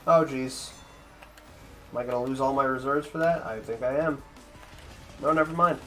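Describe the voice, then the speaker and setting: A man's voice: mid-range voice, steady tone, moderate pace, fairly bright tone, soft background music. A man streaming a speedrun, chatting offhandedly with his viewers and swearing freely as he rambles. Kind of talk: casual chat with stream viewers while gaming.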